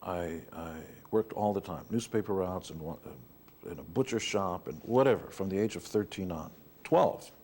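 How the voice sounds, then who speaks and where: A middle-aged man from New York, speaking as an interview guest. His voice sits fairly low and has a dark, mellow tone. He tells candid stories in a blunt, wry way. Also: moderate pace, slight background noise. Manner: blunt, wry anecdotes with playful put-on voices.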